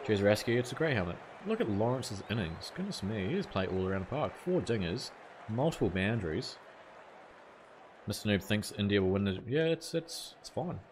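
A man's voice: on the low side, very animated, normal speed, background noise. Chatty New Zealand man streaming. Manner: casual, chatty, reads out chat messages, mild swearing. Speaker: gaming streamer. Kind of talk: live gameplay commentary, chatting with viewers.

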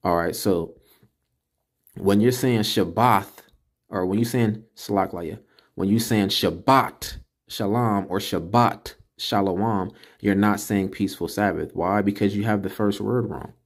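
Slow deep gravelly man teaching. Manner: slow, repeats syllables to drill them. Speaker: religious teacher. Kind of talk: casual screen-recorded lesson. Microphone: computer mic while screen recording.

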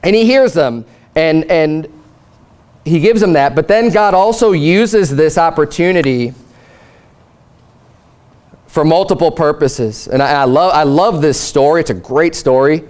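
A pastor delivering a sermon, reading scripture and acting out lively paraphrased dialogue. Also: male voice, on the high side, unhurried, pauses often. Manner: animated preaching with paraphrased dialogue.

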